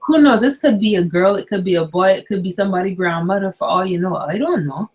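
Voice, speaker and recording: A young woman vlogging casually from her bedroom at night, chatty and animated, firing rhetorical questions at her viewers. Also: mid-range voice, fast, poor audio. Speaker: YouTuber. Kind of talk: casual vlog talk to viewers.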